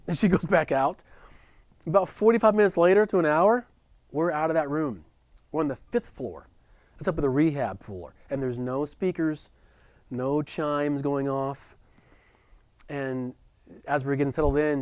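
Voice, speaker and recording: A man telling a heartfelt personal story in a virtual talk, earnest, dropping soft and quiet at the tender moments. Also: on the high side, normal speed, long pauses, no echo. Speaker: speaker at a business chamber event. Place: at home or office for a virtual presentation. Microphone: close video call mic.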